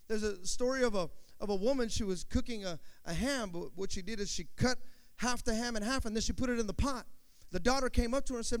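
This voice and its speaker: A man preaching a sermon, calling out to the congregation for amens and swinging between loud and soft passages. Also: very high-pitched, quick pace, clear, resonant tone. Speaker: pastor. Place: church sanctuary. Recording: long hall reverb.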